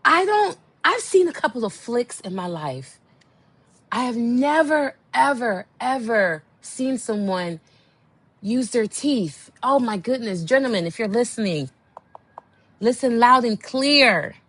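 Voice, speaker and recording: A young woman hosting a podcast, telling a candid story in a blunt, exasperated way, dropping to low murmurs and jumping to high outbursts. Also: animated, slow pace, fairly bright tone, husky, dry recording. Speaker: podcast host.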